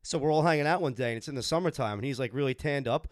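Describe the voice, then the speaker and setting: A man chatting on a podcast, telling quick, animated stories. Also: medium pitch, no room sound, clean studio sound. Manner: fast, animated storytelling with quoted voices. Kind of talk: casual chat.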